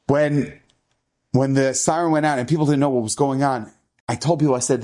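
A man's voice: medium pitch, fairly quick, a little mellow. A middle-aged man, a rabbi, telling an inspirational story in an earnest, emphatic way, often repeating his phrases.

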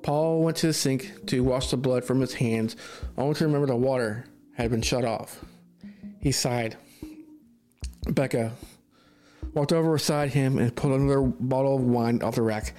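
A man's voice: mid-range voice, moderate pace, pauses often, mellow, faint music behind. A man narrating a spooky story for a podcast, reading steadily with small stumbles.

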